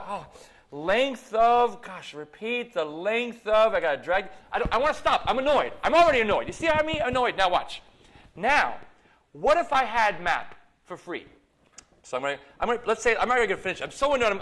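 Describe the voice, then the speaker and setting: A man's voice: high-pitched, sharp tone. A man giving a live university lecture while demonstrating code, playful and self-mocking in his asides. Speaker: computer science lecturer. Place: lecture hall.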